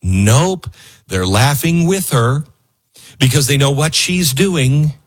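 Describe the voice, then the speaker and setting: A man hosting a political talk show, giving opinionated commentary in an animated way, laughing often and repeating himself for emphasis. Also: medium pitch, takes it slowly, slightly rough.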